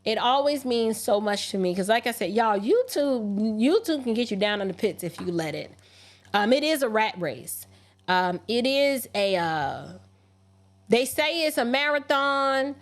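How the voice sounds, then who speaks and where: A woman hosting a casual livestream, reading viewer messages aloud and answering them with lively, sassy asides. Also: on the high side. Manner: animated, talks back to viewers, slips into sassy mock voices. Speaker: livestream host. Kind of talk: casual livestream chat reading super chats.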